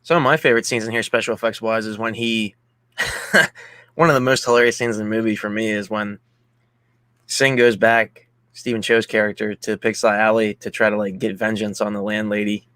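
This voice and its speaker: Male co-host, casual streamer, lively scene recaps, dry close mic. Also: on the low side, normal speed, dry recording. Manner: animated retelling, laughs often. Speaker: podcast co-host. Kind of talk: casual movie chat on a stream.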